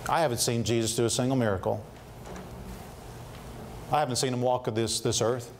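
A male pastor preaching a sermon earnestly, often pausing with fillers and restarting phrases, slowing down to dwell on scripture quotes. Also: mid-range voice, steady tone, a little hiss or hum.

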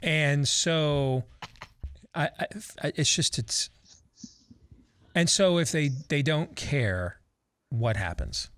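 A man hosting a political talk panel, sardonic and prone to halting restarts. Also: fairly high pitch, lively intonation, a bit bright, smooth. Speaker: talk show host. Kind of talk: panel discussion.

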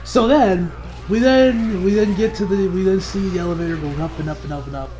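A man giving a casual, animated episode recap, often laughing and acting out the characters' lines. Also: high voice, brisk. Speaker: anime reviewer.

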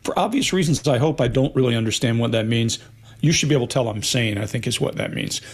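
A man's voice: mid-range voice, animated, quick pace, slightly rough. Male panelist, blunt and emphatic, drives points home. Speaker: panel commentator. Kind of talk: casual commentary panel.

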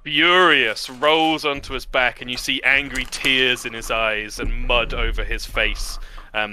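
A man's voice: medium pitch, pushed and bright, clear, resonant tone, no echo. A man narrating a tabletop game as game master, describing the scene vividly with fillers.

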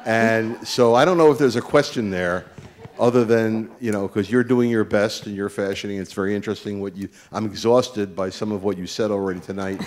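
A man's voice: lowish voice, a little fast. A man from New Jersey speaking from the audience at a book event, earnest and rambling, with many fillers. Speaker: audience member.

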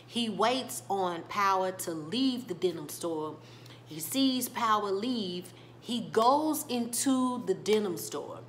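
Woman doing a chatty tv recap, mid pitch, lively retelling, faint noise behind. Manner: lively retelling, acting out the characters' lines. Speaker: TV recap vlogger. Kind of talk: casual spoken TV recap.

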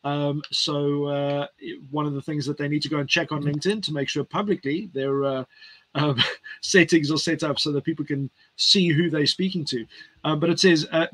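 A man hosting an online event over a video call, talking in a relaxed way with many fillers. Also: on the high side, moderate pace. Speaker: host.

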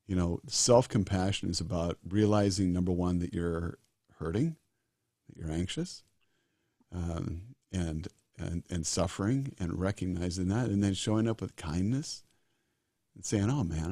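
A man's voice: sits low, warm tone, dry recording, clean studio sound. A man in his sixties, a disaster doctor as a guest, talking earnestly and emphatically and repeating his key phrases. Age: 60s. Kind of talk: earnest interview talk.

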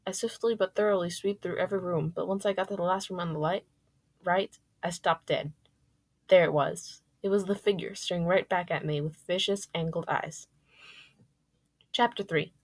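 A woman reading her first-person fan fiction aloud, lively and jumping up on exclamations. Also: fairly low pitch, normal speed.

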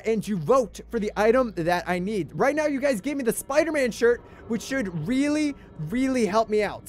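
A young man streaming a game, excitable, swinging between shouting at the game and grumbling. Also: high-pitched. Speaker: gaming livestreamer. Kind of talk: livestream gameplay commentary.

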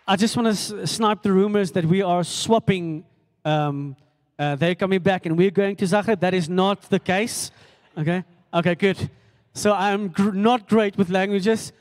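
High-voiced South African pastor, echoey hall. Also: male voice. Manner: halting, filler-heavy, self-deprecating jokes. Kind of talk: church welcome and announcements. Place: church hall service. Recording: echoey church hall with long reverb.

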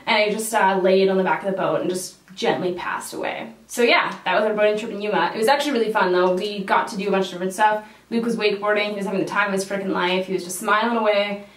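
A woman's voice: mid-range voice, fairly even intonation, quick pace, hardly any pauses. A young woman vlogger telling a story in casual chat while doing her makeup, swearing freely. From Canada. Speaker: beauty vlogger. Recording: roomy echo from a distant mic.

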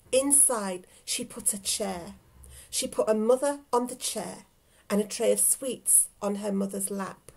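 A woman, a teacher, reading a storybook aloud to children in an expressive way and talking to her young listeners. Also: medium pitch, poor audio.

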